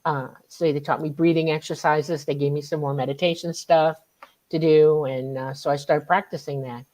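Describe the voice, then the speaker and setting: A middle-aged woman, telling a personal story in an excitable way and acting out quoted lines with big jumps in pitch. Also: moderate pace. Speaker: guest recounting an experience. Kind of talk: animated storytelling.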